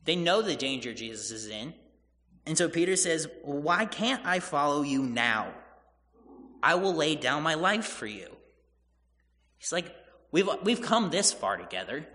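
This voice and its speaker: A man's voice: on the high side, pushed and bright, long reverb tail. A man preaching a sermon, retelling scripture in casual everyday paraphrase and acting out the people in the story.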